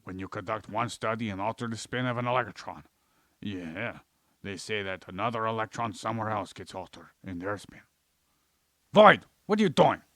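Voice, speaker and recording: With a fairly low, a bit bright voice and a fairly quick pace, a man co-hosts a rambling comedic science podcast, lecturing and ranting with heavy swearing. He plays an alien in his ordinary voice, and there's no room sound.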